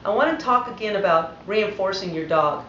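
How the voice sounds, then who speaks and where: A calm, methodical woman walks through dog training one step at a time in a mid-pitched voice. The sound is roomy and dull, like lo-fi home video audio, with a faint hiss. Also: moderate pace. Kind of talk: instructional voice-over.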